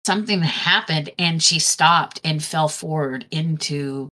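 A woman's voice: sits low, unhurried, pushed and bright. A woman chatting casually, telling a long, rambling anecdote with lots of restarts. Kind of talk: casual storytelling chat.

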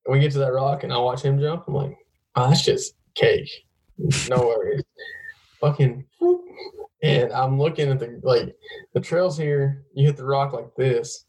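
A young man chats casually, spinning rambling, profane stories. His voice sits at a middling pitch for a man. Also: moderate pace, warm tone, rough recording. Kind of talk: casual chat.

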